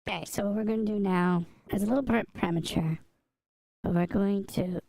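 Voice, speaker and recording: A woman casually chatting on a livestream while she draws. She answers chat and mutters softly to herself as she works, speaking into a desk microphone beside her drawing tablet. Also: mid-range voice, fairly even intonation, a little fast, vocal fry, dry recording, low-quality recording. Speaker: streamer drawing live. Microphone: desk mic by a drawing tablet.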